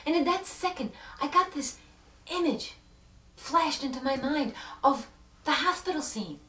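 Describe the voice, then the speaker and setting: A high-pitched woman, a self-help speaker, tells an emotional personal story with earnest feeling, using dramatic pauses and swinging between hushed and loud passages. She stands set back from the mic in an echoey room.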